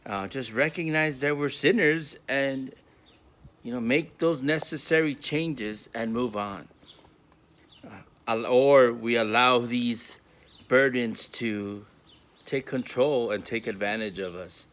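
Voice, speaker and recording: A man's voice: mid-range voice, slow pace, fairly bright tone. A man from a school community telling a story with a moral from home, casual and earnest, full of fillers. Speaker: school staff member.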